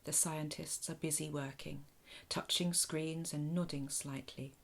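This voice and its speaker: A woman telling a calm guided-imagination story to children in a soft, hushed, often half-whispered voice. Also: low-pitched, measured pace, vocal fry.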